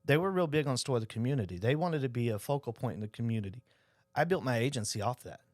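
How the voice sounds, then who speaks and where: A middle-aged man speaks as a podcast guest. He rattles through his stories at a brisk clip and acts out each quoted exchange. The sound is close and dry, with no room around it. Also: mid-range voice, no room sound. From Oklahoma. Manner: animated storyteller acting out quoted dialogue. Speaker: insurance agency owner, guest. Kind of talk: casual storytelling interview.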